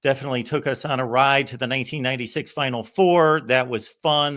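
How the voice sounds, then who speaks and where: Bright-voiced man telling rambling stories. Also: mid-range voice. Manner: rambling, anecdotal, many fillers and restarts. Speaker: host of a call-in show. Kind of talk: casual storytelling.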